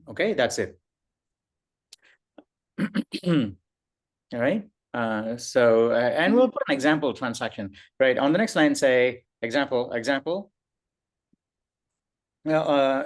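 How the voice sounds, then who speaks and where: A man teaching a live online programming class, guiding students step by step with many pauses and fillers. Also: medium pitch. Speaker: programming instructor.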